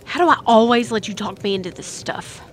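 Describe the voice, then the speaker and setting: Exasperated sidekick girl, woman reading, high and lively. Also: fairly quick, a little hiss or hum, close to an everyday voice. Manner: exasperated, complaining. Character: reluctant exasperated young woman.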